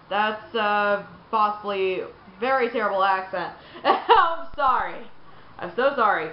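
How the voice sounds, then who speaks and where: A woman's voice: medium pitch, animated, a little slow. A woman giving casual, rambling commentary over her gameplay, joking at her own expense. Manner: rambling, self-deprecating, laughs at own jokes. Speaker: gaming video creator. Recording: roomy, muffled, faint noise.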